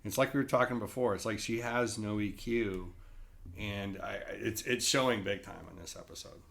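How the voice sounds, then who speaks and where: A man's voice: on the low side, steady tone, normal speed, vocal fry, a bit bright. A man co-hosting a casual recap, wry and opinionated. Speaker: podcast co-host.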